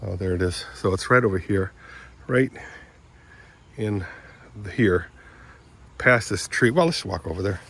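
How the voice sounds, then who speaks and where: An older man from Michigan rambling in a casual vlog while walking around his property outdoors, often clearing his throat and drifting into asides. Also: low voice, a little slow, pauses often, a bit bright. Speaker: vlogger.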